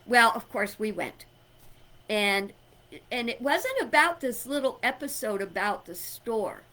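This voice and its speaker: A woman's voice: fairly high pitch, expressive, a little slow, sharp tone. A middle-aged woman giving an inspirational talk, emphatic and conversational, telling personal stories and chuckling. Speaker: spiritual speaker.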